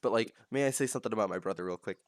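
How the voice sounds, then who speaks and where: Young dude rambling and joking on a podcast, keeps cutting himself off, dry sound. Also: male voice, lowish voice, rapid-fire, dry recording. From Texas, USA. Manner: rambling, self-interrupting, jokey. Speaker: podcast co-host. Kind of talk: casual chat.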